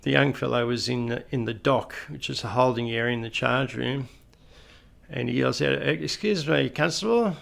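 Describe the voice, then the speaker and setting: A man's voice: mid-range voice, little pitch movement, moderate pace, creaky, a bit bright. A middle-aged Australian man telling anecdotes in a casual, conversational way with folksy asides. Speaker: retired police officer storyteller.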